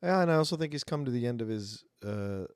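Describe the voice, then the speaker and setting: A man's voice: mid-range voice, animated, fast talker, darkish tone, smooth, no room sound, clean studio sound. A man in a casual film podcast, giving emphatic, pointed opinions about a character. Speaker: podcast guest.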